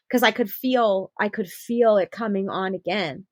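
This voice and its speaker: A young adult woman telling her personal birth story on a podcast, animated and acting out the quotes. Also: mid-range voice, moderate pace, no room sound. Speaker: podcast guest.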